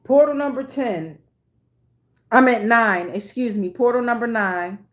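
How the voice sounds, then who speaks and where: Woman, tarot reader, slightly high voice, chatty, swears freely. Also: a little slow. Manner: chatty, profane, keeps asking "right?". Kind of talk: casual reading to viewers.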